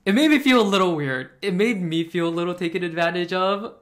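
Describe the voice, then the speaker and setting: A young man telling a personal story to camera in a casual, expressive vlog style, full of "like" fillers. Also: high voice, fast. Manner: chatty and expressive, many "like" fillers, laughs while telling. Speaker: vlogger.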